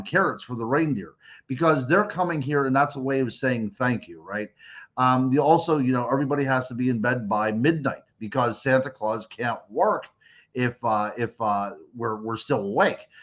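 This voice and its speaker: A man's voice: medium pitch, fairly bright tone. Middle-aged man from Western Pennsylvania, dull line. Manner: reflective, rambling, many fillers. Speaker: guest. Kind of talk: casual radio chat.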